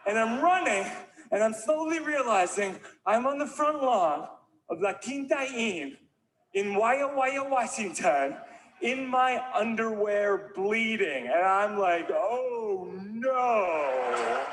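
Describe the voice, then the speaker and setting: A man's voice: high voice, expressive, slow pace. Man telling a rambling stand-up story. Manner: rambling storytelling with sudden shouted yelps. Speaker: stand-up comedian. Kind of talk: stand-up comedy routine. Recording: played back from a stand-up clip.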